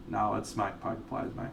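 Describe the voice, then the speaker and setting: A man's voice: on the low side, gravelly. An Australian man streaming live, chatting casually with viewers, swearing freely and laughing often. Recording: distant mic, faint background noise.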